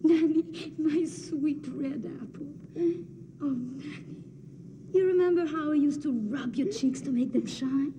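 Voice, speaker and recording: An actress playing a young princess in a film drama, speaking softly and intensely, often close to a whisper. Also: female voice, sits high, a little slow, noisy background. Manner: soft, hushed, intense, often near a whisper. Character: defiant young princess, quietly resolved.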